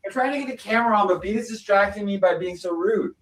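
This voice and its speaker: A man hosting a live stream, yelling insults in a heated argument. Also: sits high, quick pace, rough recording. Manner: yelling, insulting, then mock-sweet.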